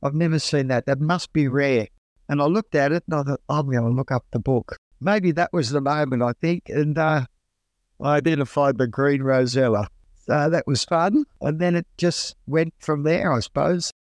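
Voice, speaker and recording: A man's voice: on the high side, moderate pace, dry recording. Chatty Australian man telling stories. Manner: chatty, relaxed, colloquial, acts out his own exclamations. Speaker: guest. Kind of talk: casual storytelling.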